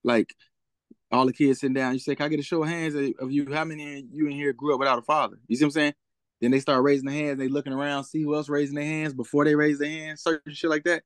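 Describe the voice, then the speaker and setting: A man's voice: a little high, little pitch movement, quick pace, dry recording. A young man as a guest in a casual interview, talking in a laid-back way and often asking "you know what I'm saying?".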